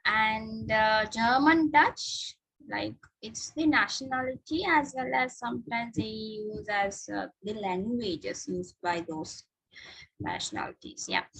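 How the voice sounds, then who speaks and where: A woman teaches an online spoken class, her voice slightly husky and sitting a touch higher than most. She explains patiently and encourages her students along the way. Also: slow, fairly bright tone, low-quality recording. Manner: patient, encouraging, mixes in Sinhala and Tamil. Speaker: English teacher.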